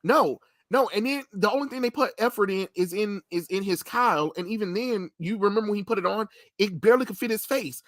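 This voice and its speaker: A man hosting a casual pop culture chat, ranting with animated energy and plenty of swearing. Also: high voice, a little fast, few pauses, no room sound, clean studio sound. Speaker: podcast host.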